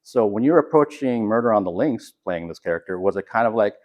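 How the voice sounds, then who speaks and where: Guy interviewer, lowish voice, kind of rambling questions, fan of the actor. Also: lively intonation, a little fast, a little mellow, lo-fi sound. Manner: admiring, rambling questions with fillers. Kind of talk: casual interview.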